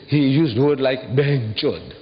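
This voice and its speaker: Emphatic man lecturing in an echoing hall. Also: a little slow. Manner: emphatic, rhetorical questions, sudden high bursts. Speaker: public lecturer. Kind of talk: impassioned public lecture. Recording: dull old recording, long hall reverb, faint hiss.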